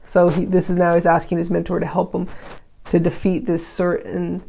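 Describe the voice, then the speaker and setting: Podcast host, reads classic poetry and riffs on it casually; gravelly, monotone delivery. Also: mid-range voice, moderate pace. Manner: reads archaic verse, then paraphrases loosely with many likes and you-knows. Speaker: podcast host reading and interpreting a poem. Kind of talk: casual explanatory reading with commentary.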